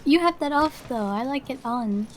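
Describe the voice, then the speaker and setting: High, lively-voiced young woman gamer. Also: normal speed, a little hiss or hum. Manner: playful, swears, teasing. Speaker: gaming teammate. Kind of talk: casual gaming chat.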